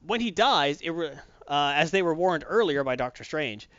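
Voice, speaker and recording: A man retells a film's plot in a lively, casual way, his voice rising and falling a lot. His voice sits a bit high for a man. The recording is dry and somewhat muffled. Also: moderate pace, clean tone, no echo. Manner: animated storytelling with acted quotes. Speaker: movie reviewer. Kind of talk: casual chat.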